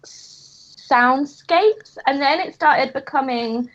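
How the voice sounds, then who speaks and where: Woman, high pitch, chatty and laughing, muffled recording, interview guest. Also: drawn-out words, a bit bright. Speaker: guest comic creator. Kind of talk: casual chat. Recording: muffled lo-fi audio.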